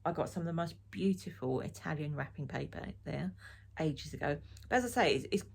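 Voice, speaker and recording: A woman's voice: sits low, brisk, gravelly, slightly rough. A middle-aged woman from Essex, chatting frankly and ramblingly to camera as a knitting vlogger. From Essex, England. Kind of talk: casual chat to camera.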